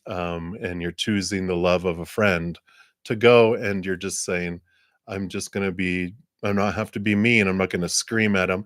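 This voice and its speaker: Soft-spoken low male tarot reader. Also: fairly even intonation, moderate pace, dry recording, studio quality. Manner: gentle, encouraging, rambling with fillers. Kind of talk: live-stream tarot reading.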